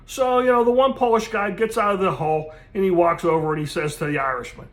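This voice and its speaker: A man telling a joke in a casual, animated way, acting out the characters. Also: sits high, quick pace, hardly any pauses. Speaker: comedian teaching joke telling.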